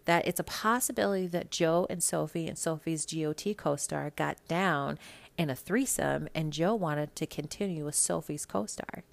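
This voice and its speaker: A woman from Minnesota hosts her gossip podcast in a low voice with plenty of vocal fry. She is blunt and sassy and swears freely. Her talk runs as a loose, casual monologue. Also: normal speed. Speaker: podcast host.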